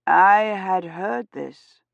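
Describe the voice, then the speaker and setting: A woman voicing a grave, kindly medieval village priest who speaks slowly and gently. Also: medium pitch, vocal fry, no room sound, lo-fi sound. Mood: gentle, concerned. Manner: slow, gentle, questioning.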